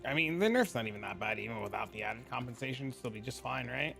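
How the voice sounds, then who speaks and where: A young man chatting casually on a gaming livestream, profane and excitable, swearing freely. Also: mid-range voice, quick pace, creaky, faint music behind. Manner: profane, excitable, talks to his cats. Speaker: gaming streamer.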